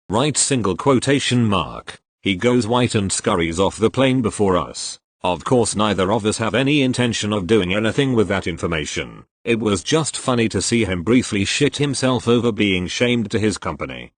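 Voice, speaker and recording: This is a text-to-speech male voice narrating online posts in a steady, mechanical cadence. It sits a little low in pitch. It reads symbol and emoji names aloud without any change in tone. The sound is dry and close, with no room in it. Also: no echo. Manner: even synthetic reading that speaks symbols and emoji names aloud. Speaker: story narrator.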